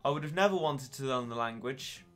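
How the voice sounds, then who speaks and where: Chatty teen lad, bright voice. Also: male voice, mid-range voice, animated, fairly quick, soft background music. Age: late teens. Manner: chatty, wry and self-mocking. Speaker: streamer. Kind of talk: casual gaming stream chat.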